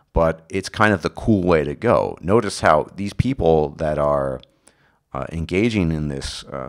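Very deep-voiced hoarse man lecturing. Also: fairly bright tone. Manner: halting, with frequent restarts and self-corrections. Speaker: linguistics video lecturer. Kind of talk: unscripted explanatory talk.

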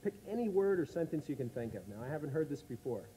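A man's voice: fairly high pitch, big pitch swings, fast, dark tone, a little hiss or hum, low-quality recording. An American man as a chat show guest, genially and patiently explaining his odd talent. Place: studio with live audience.

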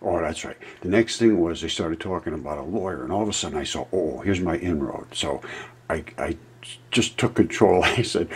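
A man's voice: sits low, expressive, normal speed, breathy edge. A man vlogging in a rambling, storytelling way, losing his thread and restarting as he explains his ideas. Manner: meandering, loses track and restarts. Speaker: amateur science vlogger.

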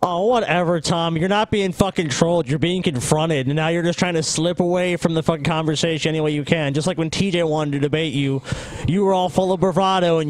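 A man's voice: fairly high pitch, a little fast, no echo, low-quality recording. A man hosting a podcast, ranting heatedly and mocking the clip. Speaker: podcast host. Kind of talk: casual chat.

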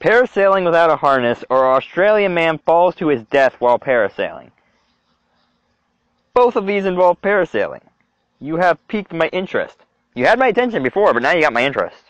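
Young man, reaction commentary, lively up-and-down voice, dull dry lo-fi recording. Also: a little high, fairly quick, no room sound. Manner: animated, exclaiming, talks to himself. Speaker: video creator.

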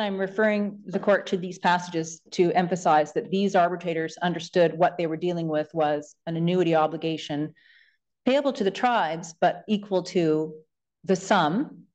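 A woman lawyer making a formal closing submission in court, reading passages aloud from documents in a measured way. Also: on the low side, a little mellow. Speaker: government lawyer.

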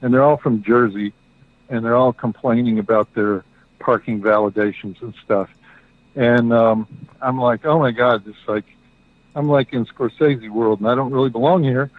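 A man's voice: mid-range voice, fairly even intonation, dry recording. Man telling a story over a tinny line. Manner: halting, many fillers and restarts. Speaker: guest. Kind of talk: casual storytelling. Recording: dry tinny phone-like line.

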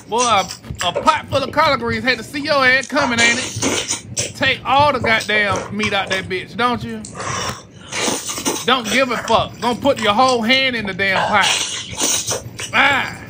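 Profane streamer reacting over noise. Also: medium pitch. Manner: profane, exclaiming, talking back to the screen. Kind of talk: casual reaction commentary. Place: home streaming setup. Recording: noisy stream mic.

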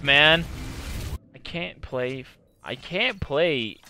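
A man's voice: a little high, lively intonation, sharp tone. A young man giving gameplay commentary, cursing constantly and breaking into angry, frustrated outbursts. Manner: profane, quick to rage, frustrated outbursts. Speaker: gaming channel host.

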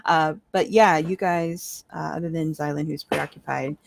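Gravelly-voiced woman running a tabletop game. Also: deep voice, steady tone, normal speed, no room sound. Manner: laid-back, descriptive, laughs often. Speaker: dungeon master.

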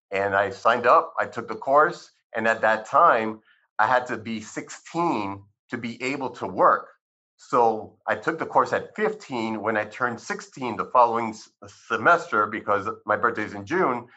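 A man in his fifties, a physician guest, telling his life story in an interview and acting out the conversations he recalls. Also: fairly low pitch. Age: 50s. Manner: animated storyteller who acts out dialogue. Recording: dull lo-fi sound.

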